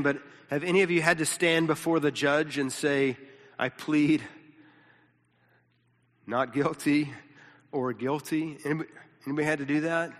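A man's voice: on the high side, a bit bright. A pastor teaching a sermon in a casual, conversational way, often repeating words and checking in with his listeners. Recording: long reverb of a large hall.

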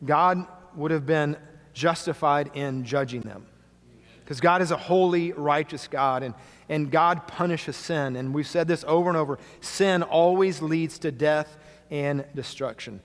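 A male pastor preaching a sermon to a congregation, earnest, often dropping quietly for emphasis. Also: on the high side, a little slow. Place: church sanctuary. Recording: long hall reverb.

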